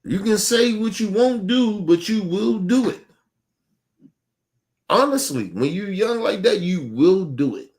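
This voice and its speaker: In a relaxed chat, this older man, who hosts a podcast, tells a meandering and foul-mouthed tale. His voice is high and a little slow, and he livens up when repeating his own words.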